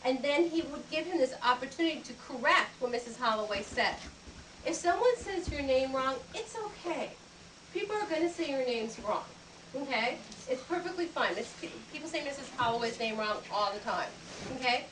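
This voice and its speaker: Her voice is high and animated, her pace normal, her tone fairly bright: she's an etiquette instructor leading children through greetings and handshakes in an upbeat, teacherly way. She's recorded in a library program room with echo, a distant mic, and background noise.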